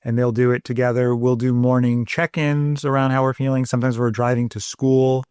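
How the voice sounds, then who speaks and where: A man co-hosting a parenting podcast, explaining things in a calm, measured and gentle way, sometimes repeating words as he thinks. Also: mid-range voice, smooth, dry recording. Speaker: podcast co-host, parenting doctor.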